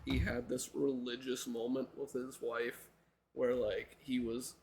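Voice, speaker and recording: A man's voice: mid-range voice, level tone, unhurried, darkish tone. Brief: laid-back young male podcast co-host from Minnesota, faint room hiss. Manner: easygoing, laughs readily. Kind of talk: casual chat.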